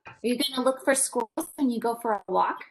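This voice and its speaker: A woman parent educator reading a picture book to young children over a video call, animated, gasping and asking them questions. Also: a little high, brisk, vocal fry, noisy background.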